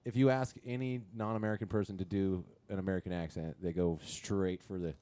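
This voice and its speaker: A man's voice: sits low, fairly even intonation, fairly quick, dark tone, a little hiss or hum. Man, podcast host, casual chat, loose, swears freely, curious questions.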